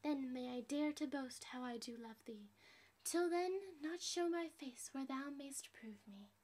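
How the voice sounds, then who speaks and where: A woman's voice: high-pitched, a little slow, a little mellow. A woman putting on the voice of a perky, nervous teen girl heroine, rambling and apologetic as a fan impression. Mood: reciting.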